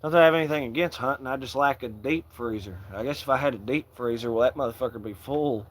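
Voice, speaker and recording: A man in the middle of his range hosts a loose, rambling livestream chat, peppering it with swearing and jokes. He greets viewers by name and answers their comments in a relaxed, offhand way. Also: mid-range voice, quick pace. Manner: loose, profane, joking, shouting out viewers by name. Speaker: livestream host.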